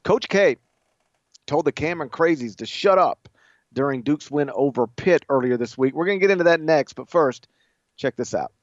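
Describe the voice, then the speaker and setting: A man hosting a late-night sports podcast, telling stories with lively acted-out quotes. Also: fairly high pitch, moderate pace, no room sound, dull audio. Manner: animated storytelling, acts out quotes with shouts. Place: studio.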